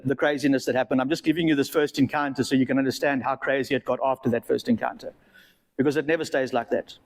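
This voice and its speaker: South African man, live testimony storyteller, high and animated voice, long hall reverb. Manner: animated, direct storytelling, often calling the audience "guys". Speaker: speaker giving a personal testimony. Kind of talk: live testimony talk to an audience.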